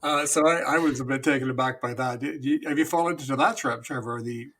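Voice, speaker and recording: A man's voice: medium pitch, quick pace, fairly bright tone, slight background noise. A middle-aged man co-hosting a podcast, rambling in a casual chat and laughing often. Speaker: podcast co-host.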